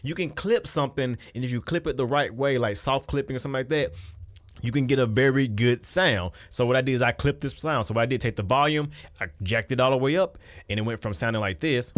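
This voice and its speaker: A man explains his music production steps in a loose, conversational way. His voice sits at an ordinary pitch. The recording is dry and close, with no room sound. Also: fast, no echo. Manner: loose and conversational, with fillers and restarts. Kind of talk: casual screen-recorded beat-making tutorial.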